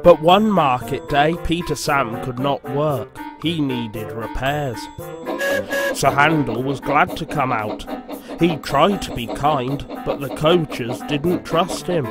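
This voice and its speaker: A man narrating a storybook in a slow, measured reading. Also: mid-range voice. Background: background music.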